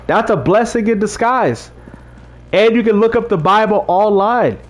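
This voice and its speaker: High-voiced man preaching to his chat. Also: animated, normal speed. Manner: talks straight to chat, repeats himself, preachy street-evangelist talk. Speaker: livestream host reading chat. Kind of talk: casual livestream chat about faith.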